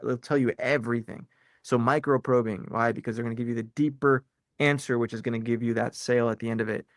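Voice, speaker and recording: Casual bro-talking sales coach, dry mic. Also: male voice, medium pitch, flat delivery, fairly quick, no room sound. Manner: casual, bro-ish, fillers like "right?" and "man". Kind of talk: live training call.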